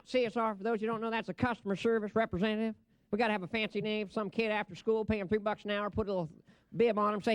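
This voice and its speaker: A man's voice: high-pitched, fairly bright tone, no echo. A man giving a comic, ad-libbed stage presentation at a convention. He talks into a podium microphone, rambles brashly and laughs at his own jokes.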